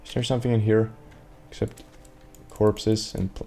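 A man's voice: on the low side, steady tone, normal speed, mellow, husky. A man giving sarcastic, rambling gameplay commentary to himself, swearing often, at a desk microphone. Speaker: let's play gamer.

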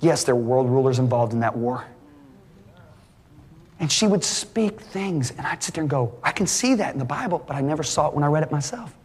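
A middle-aged male preacher giving an animated sermon, full of stories, his voice climbing high for the punchlines. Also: fast talker, hardly any pauses. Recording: long hall reverb.

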